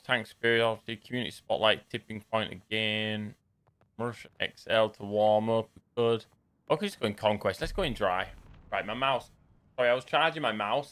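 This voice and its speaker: A young man chatting casually and rambling with jokey asides while live-streaming a shooter game. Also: lowish voice.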